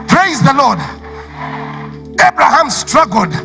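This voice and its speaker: A man with a Ugandan accent preaching a sermon, shouting out repeated declarations of faith. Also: very high-pitched, very animated, slow, creaky, over music.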